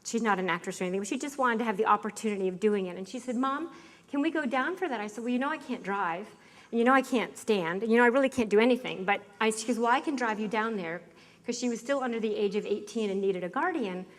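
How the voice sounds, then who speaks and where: A middle-aged woman telling a personal story to an audience in a lively, laughing way, acting out the voices she quotes. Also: medium pitch, fast talker. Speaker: speaker telling her health story. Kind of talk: animated storytelling talk to an audience.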